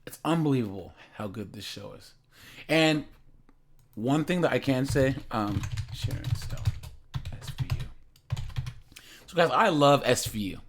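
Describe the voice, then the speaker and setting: Animated man rambling in casual commentary. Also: medium pitch, a little slow, pauses often. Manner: rambling, repeats words, laughs often. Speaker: reaction channel host.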